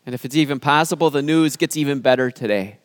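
A pastor giving an earnest sermon, speaking with emphasis and dramatic pauses. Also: male voice, mid-range voice, no room sound.

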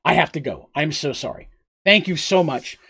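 A man's voice: on the high side, lively intonation, moderate pace, vocal fry, pushed and bright, husky, full character voice. Artist, a man doing an earnest young princess. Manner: earnest, apologetic.

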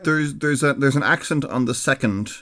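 A male podcast co-host who talks in a dry, matter-of-fact way and drops in quick corrections. His voice sits at an ordinary pitch for a man, and his chat stays casual and easy. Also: pushed and bright.

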